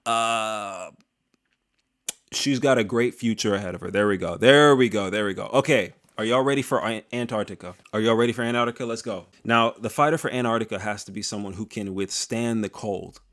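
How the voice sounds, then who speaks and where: A man's voice: fairly low pitch, a little fast, fairly bright tone. Joking, rambling male MMA host. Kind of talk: casual commentary.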